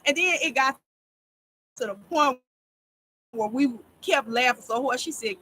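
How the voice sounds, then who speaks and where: A woman casually telling a long story to her viewers, rambling and animated, often laughing as she talks. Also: high voice, measured pace, pauses often, slight background noise, rough recording. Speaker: storyteller vlogger.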